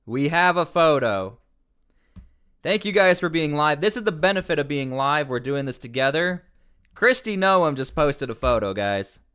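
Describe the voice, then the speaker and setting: Smooth-voiced man hosting a livestream. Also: fairly high pitch, animated, normal speed, pushed and bright. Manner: rambling, many fillers and restarts. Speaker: livestream news commentator. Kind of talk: casual live commentary.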